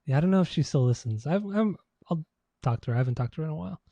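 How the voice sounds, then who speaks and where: A man's voice: fairly high pitch, animated, racing, dark tone, dry recording, lo-fi sound. A man co-hosting a podcast in casual chat, laughing often and stringing "like" fillers. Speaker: podcast co-host.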